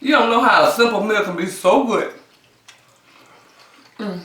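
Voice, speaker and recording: A woman's voice: mid-range voice, a little slow, fairly bright tone. A woman hosting a mukbang eating vlog from home, exuberant, breaking into song and cheers, then murmuring over her food. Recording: echoey room, mic at a distance, faint hiss.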